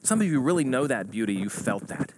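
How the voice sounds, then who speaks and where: A man's voice: mid-range voice, brisk, background noise. A man preaching a sermon, telling stories and acting out a joke in rising voices. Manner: animated storytelling, acts out a joke in rising voices. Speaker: pastor.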